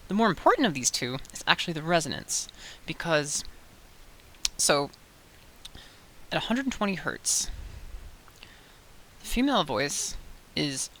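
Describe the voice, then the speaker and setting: A young woman talks through a casual voice-training tutorial, her bright voice carrying a gravelly fry. She chats loosely, full of fillers and quick self-corrections. A faint hiss sits under the recording. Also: low-pitched, sing-song. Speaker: voice coach. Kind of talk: casual tutorial talk to camera.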